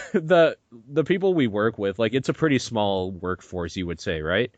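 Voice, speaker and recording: A young man hosting a podcast, telling a story in an animated, swearing, laughing way. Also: fairly low pitch, normal speed, dry recording. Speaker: podcast host. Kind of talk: casual chat.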